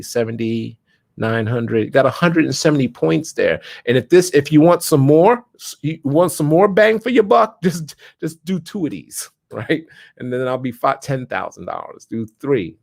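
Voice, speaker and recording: Chatty guy teaching options on a stream, pitch bouncing all over, keeps saying right?. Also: gravelly. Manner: conversational, chatty, lots of "right?" and restarts, animated pitch. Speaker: stock options trader and streamer. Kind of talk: casual live-stream options lesson.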